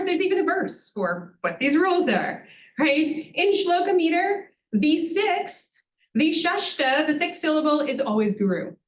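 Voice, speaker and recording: A woman with a fairly high voice explains things patiently to a live audience, checking in with a "right?" and adding dry jokes. She sounds like a lecturer in a room, with noticeable echo and a faint hum of background noise behind her. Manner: patient, explanatory, asks "right?" for agreement, lightly humorous. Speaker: Sanskrit teacher. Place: university event room with audience.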